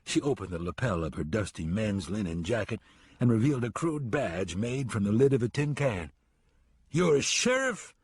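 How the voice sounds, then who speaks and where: Low, husky male audiobook narrator. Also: expressive, fairly quick, darkish tone, dry recording.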